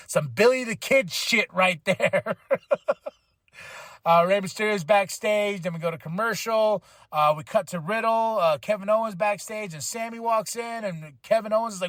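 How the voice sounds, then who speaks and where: Man, podcast host, high voice, dry, casual rambling recap. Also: moderate pace, dry recording. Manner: rambling, animated, acts out quotes.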